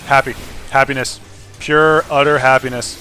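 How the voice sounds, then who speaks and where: A man streaming a video game, chatting casually and swinging between loud outbursts and quiet muttering. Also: mid-range voice, flat delivery, normal speed. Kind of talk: casual gaming stream chat.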